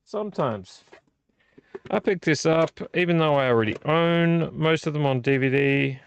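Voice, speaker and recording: Gravelly man rambling about tapes. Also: a little high, moderate pace, highs cut off. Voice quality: gravelly, rambling with many fillers. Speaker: vlog host. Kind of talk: casual live chat unboxing VHS tapes. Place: small home room.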